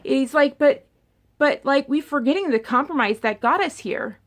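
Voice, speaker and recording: A young adult woman vlogger talking politics in a rambling, animated monologue that often repeats words. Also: high-pitched, normal speed. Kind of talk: casual opinion monologue.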